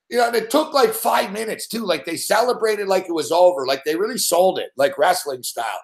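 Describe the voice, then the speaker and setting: Man, high voice, profane live-stream rant, animated, echoey room. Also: a little fast, vocal fry, hardly any pauses. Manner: swears constantly, animated, acts out scenes. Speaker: sports betting show host.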